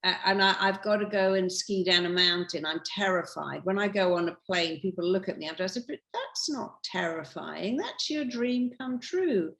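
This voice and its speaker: A woman's voice: medium pitch, normal speed, hardly any pauses, a bit bright. An older woman giving emphatic advice as a podcast guest, acting out quoted voices. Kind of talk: animated advice talk. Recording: roomy echo.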